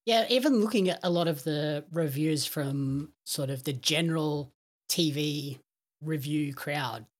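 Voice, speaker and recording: A man speaking as a guest on a podcast, chatting in a measured, agreeable way. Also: on the high side. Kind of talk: casual podcast chat.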